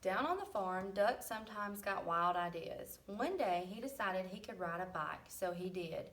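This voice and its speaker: A woman reading a picture book aloud to children, pausing to ask questions and putting on lively voices for the farm animals. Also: medium pitch, recorded from a distance, a little hiss or hum. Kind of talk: read-aloud storybook with questions.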